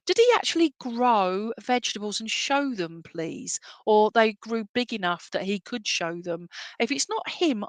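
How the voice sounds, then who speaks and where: A chatty woman giving a clairvoyant reading over a video call, rambling from one thought to the next. She keeps checking in with the person she is reading for. Her voice sits at a middling pitch and sounds close and dry. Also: a bit bright, no room sound. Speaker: spiritualist medium. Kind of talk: clairvoyance reading in an online service.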